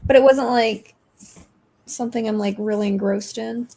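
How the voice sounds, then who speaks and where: A woman in a relaxed book club chat, speaking bluntly and swearing without a second thought. Her voice sits a little high, with a husky, breathy edge and a gravelly fry underneath. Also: normal speed. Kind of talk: casual chat.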